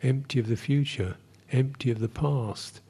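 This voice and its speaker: Male meditation teacher, gravelly low voice, slow and halting, pauses between phrases. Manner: drops to a soft whisper on repeated phrases. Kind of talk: meditation retreat dharma talk.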